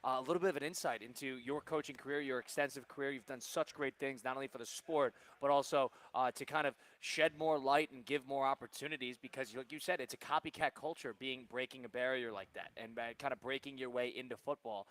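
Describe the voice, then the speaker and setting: Fast, bright sports radio host man. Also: mid-range voice, steady tone. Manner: upbeat, wraps up segments. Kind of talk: live sports talk radio.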